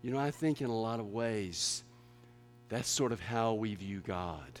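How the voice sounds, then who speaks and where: A pastor preaching a sermon, dropping to a hush and then rising to emphatic passages. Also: male voice, on the low side, lively intonation, measured pace, soft background music. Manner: dramatic, swings from hushed to emphatic. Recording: long hall reverb.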